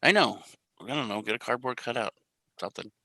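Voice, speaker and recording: This crypto show host is a young man from US Central Time who rambles through a laid-back live stream, poking fun at himself. He talks a little fast in a mid-range, sharp-toned voice with some vocal fry. It's a rough recording with no room sound.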